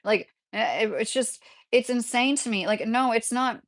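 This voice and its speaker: A woman's voice: fairly high pitch, moderate pace. Woman, middle-aged, casual livestream chat, rambling, earnest, lots of filler words. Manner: rambling and earnest, heavy use of "like".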